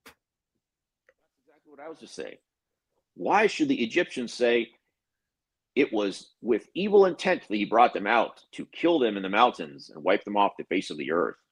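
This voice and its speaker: Man, low husky voice, sarcastic podcast co-host, reads verses aloud then pokes fun, animated. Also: moderate pace, pauses often, rough recording. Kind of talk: casual critical discussion.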